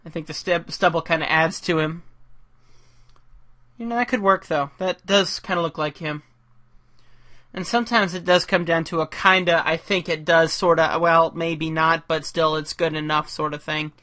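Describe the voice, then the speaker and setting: Male caricature artist, bright voice, casual and rambling, self-deprecating, talks through his drawing. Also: fairly high pitch, steady tone, moderate pace.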